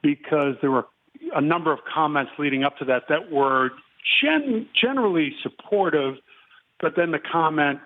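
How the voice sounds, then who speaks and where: A man in his fifties, a guest giving measured football analysis and clearing his throat often. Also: fairly high pitch, expressive. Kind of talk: casual phone interview. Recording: tinny phone line.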